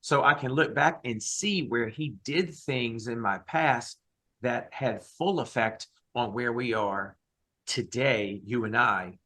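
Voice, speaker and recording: Brief: husky, bright-voiced man, a passionate interview guest on a video call, emphatic and animated. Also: medium pitch. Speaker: guest, Christian rock singer.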